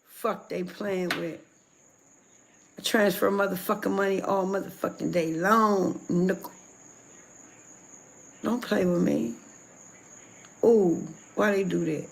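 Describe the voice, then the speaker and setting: A woman's voice: medium pitch, steady tone, slow, gravelly, long pauses, slight background noise. A woman ranting on a livestream, furious and profane, venting at people she says scammed her. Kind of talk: angry livestream rant.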